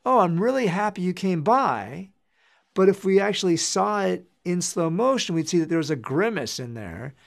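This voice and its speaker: A man with a slightly higher voice than most gives a calm, explanatory lecture. He speaks in a measured way and drops briefly into little acted example lines to make his points. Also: gravelly. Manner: measured, acts out quoted examples.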